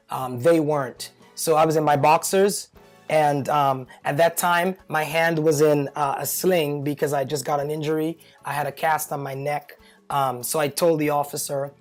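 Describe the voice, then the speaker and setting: A man talking to camera, telling a personal story in a chatty, animated way, full of fillers and nervous laughs. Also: on the high side. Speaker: vlogger.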